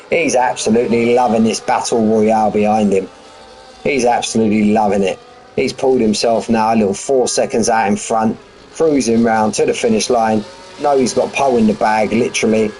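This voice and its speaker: A man's voice: lowish voice, a little mellow, a little hiss or hum, rough recording. A man giving live race commentary in a chatty, rambling, jokey way. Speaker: sim racing commentator.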